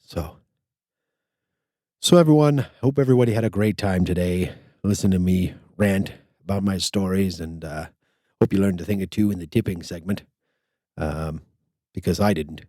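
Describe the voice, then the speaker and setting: A man's voice: sits low, moderate pace, long pauses, dark tone, no echo, studio quality. An older man hosting a podcast, telling a rambling story with lots of stammered restarts. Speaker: podcast host. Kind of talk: casual storytelling chat.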